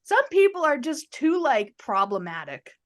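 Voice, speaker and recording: A woman's voice: sits high, very animated, unhurried. A woman co-hosting a casual podcast, telling stories and acting out the lines people said to her. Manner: chatty storytelling, acts out quoted lines. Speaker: podcast co-host. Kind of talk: casual chat.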